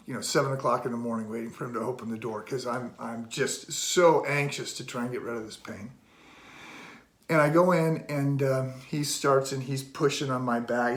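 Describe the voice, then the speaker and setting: A middle-aged man, a pastor, giving a casual devotional talk and telling a story with animated, acted-out dialogue. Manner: animated, acts out dialogue with rising pitch. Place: relatives' home. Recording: roomy echo.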